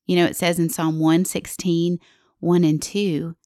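A woman's voice: lowish voice, flat delivery, a little slow, mellow, no echo, clean studio sound. A woman in her forties gives heartfelt faith teaching as a podcast guest, earnest and intimate, asking the listener questions and sometimes dropping to a whisper. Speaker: guest speaker on a Christian parenting podcast.

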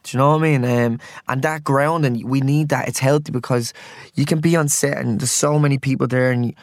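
A man's voice: medium pitch, steady tone, fairly quick, no echo, clean studio sound. A young man with a Dublin Irish accent, a guest actor in a casual interview, who laughs often and restarts his sentences. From Ireland.

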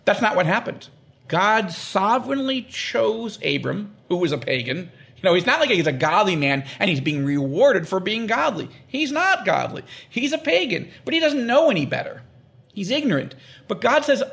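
Man, animated and emphatic, high lively voice with gravelly fry, explaining scripture in conversation. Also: normal speed. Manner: animated, acts out quoted prayers and God's words; emphatic, repeats phrases for stress. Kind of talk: conversational interview.

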